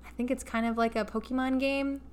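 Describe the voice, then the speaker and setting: A woman co-hosting a casual podcast, telling a story in an animated way and adding playful asides. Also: high-pitched, brisk, slight background noise. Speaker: podcast co-host.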